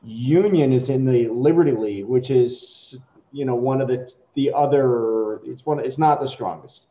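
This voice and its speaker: A middle-aged man, a company chief, chatting casually before a software demo and telling rambling stories that break off and restart. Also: mid-range voice, moderate pace. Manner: rambling, self-interrupting storytelling. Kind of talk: casual chat. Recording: echoey, dull lo-fi room sound.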